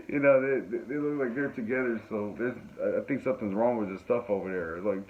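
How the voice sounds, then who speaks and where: This podcast host has a lowish, expressive voice and talks at a normal speed while telling a rambling, funny story. His telling is full of laughs and self-deprecating asides. The audio comes through tinny, like a phone, with faint noise.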